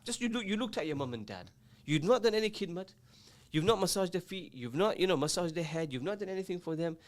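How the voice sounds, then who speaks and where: A man's voice: high voice, animated, quick pace. A man hosting a radio talk show, giving earnest, emphatic advice that lists points and repeats them.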